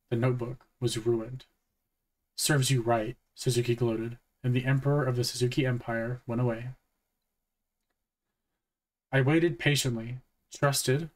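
A man reading a novel aloud in a calm, matter-of-fact first-person narration. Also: mid-range voice. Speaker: audiobook reader. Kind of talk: audiobook narration.

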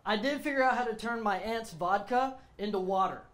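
A man's voice: sits high, fairly quick, reverberant, very noisy. A young man from Texas doing stand-up comedy on a club stage, casual and slangy. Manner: casual, slangy, self-deprecating.

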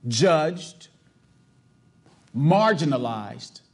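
A man's voice: a little high, expressive, extremely slow. A middle-aged male pastor from the US South with a Californian accent, preaching emphatically and asking the congregation rhetorical questions. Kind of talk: sermon.

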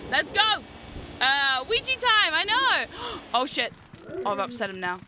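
Very high-pitched excitable woman gamer. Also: a little slow, a little hiss or hum. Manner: excitable, shrieking and swearing at the game; self-mocking, chatty asides to viewers. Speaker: VTuber streamer playing a video game. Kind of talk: live gameplay commentary. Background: game music.

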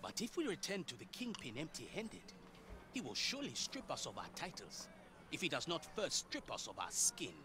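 An actor with an African accent playing a stern, scornful pirate quartermaster in a video game, speaking in theatrical, formal old-fashioned lines. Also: male voice, fairly high pitch, wildly swooping pitch, moderate pace, sharp tone, slight background noise, exaggerated voice.

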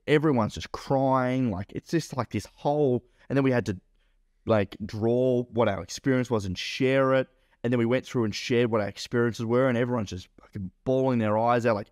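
A podcast co-host who owns a business tells a rambling, casual story packed with fillers and swearing. His voice is medium-pitched and a little mellow, recorded at studio quality with no room sound.

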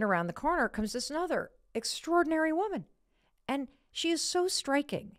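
A middle-aged woman hosting a podcast, telling a story in a casual, animated way and acting out quotes in a high voice. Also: a little fast, no room sound, clean studio sound. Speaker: podcast host.

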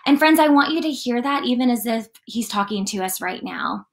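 A woman leading a casual morning devotional, talking in a chatty, animated way and often saying "like". Her voice sits fairly high. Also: fairly quick, creaky. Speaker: church devotional leader.

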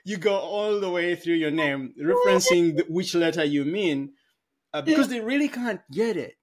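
Podcast guy, kinda high voice, thinks out loud, explains stuff w everyday examples. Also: lively intonation, normal speed. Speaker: podcast co-host. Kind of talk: casual conversation.

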